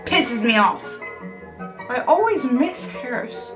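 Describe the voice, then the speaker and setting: A woman's voice: a little high, measured pace. A young woman vlogging casually at home late at night, swearing constantly in a frustrated, self-mocking way. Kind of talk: casual talk to camera. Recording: distant mic with music behind.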